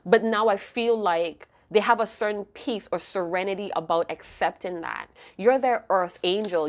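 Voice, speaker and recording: A woman giving an intuitive tarot reading to camera, emotive and rambling, often breaking off mid-thought to restart. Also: medium pitch. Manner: rambling, emotive, self-interrupting. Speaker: tarot reader.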